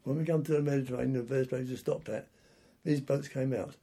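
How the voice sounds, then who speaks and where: A man's voice: medium pitch, steady tone, brisk, mellow. An older man, a war veteran, telling rambling stories from his service in an oral history interview, often repeating and restarting words. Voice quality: gravelly and raspy.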